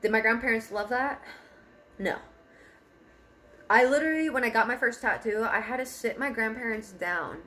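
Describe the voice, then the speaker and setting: A woman's voice: on the high side, normal speed, pauses often, sharp tone. A young woman telling a personal story in a casual car vlog, candid, laughing often and swearing freely. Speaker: vlogger. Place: parked car.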